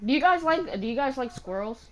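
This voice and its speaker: A woman on a game stream, excitable and yelling at the game as she plays. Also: sits high, fairly quick. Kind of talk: casual chat over a game stream. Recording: noisy voice chat.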